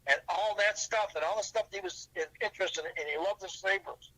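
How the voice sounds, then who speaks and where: A man's voice: high voice, a little fast, sharp tone, low-quality recording. An older man, a podcast guest, telling long rambling stories in casual chat, with restarts and fillers.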